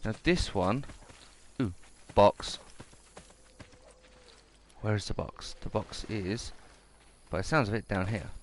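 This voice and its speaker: A man's voice: lowish voice, expressive, slow, long pauses, slight background noise. A man giving casual, rambling gameplay commentary and reading mission text aloud.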